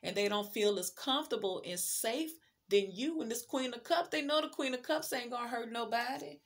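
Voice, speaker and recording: Chatty higher-voiced woman reading tarot. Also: moderate pace. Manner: chatty, emphatic, speaks straight to viewer. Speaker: tarot card reader.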